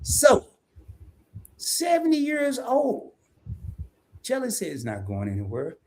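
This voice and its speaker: A man's voice: very high-pitched, takes it slowly. A man with a Southern US accent co-hosting a live stream, chatting casually, joking and reading viewer comments aloud. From American South. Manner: animated, folksy, jokes and reads chat comments aloud.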